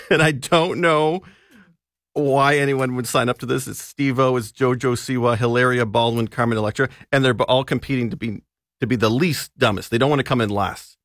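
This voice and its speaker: A man chatting casually on a radio talk show, easygoing and quick to laugh. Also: mid-range voice, steady tone, fairly bright tone, no echo, studio quality. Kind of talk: casual chat. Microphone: studio microphone.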